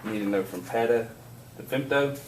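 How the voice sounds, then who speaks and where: Animated male teacher in an echoey classroom. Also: medium pitch, brisk. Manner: animated storyteller, laughing while telling. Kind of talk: classroom lecture with storytelling. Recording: echoey classroom from far off, noisy.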